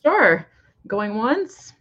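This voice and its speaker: A woman's voice: a little high, very animated. A woman co-hosting a live online sale, laughing often, agreeing along and counting down the bids. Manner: giggly, quick to agree. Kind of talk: casual live-stream chat. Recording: slightly dull lo-fi sound.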